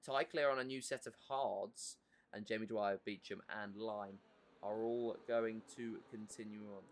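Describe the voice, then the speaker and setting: An English man calls a sim racing event live, his voice sitting a little on the low side. He is chatty and breaks off from the race updates to answer his viewers, with a faint hum of noise behind him. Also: fairly even intonation, a little slow. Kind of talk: live esports race commentary.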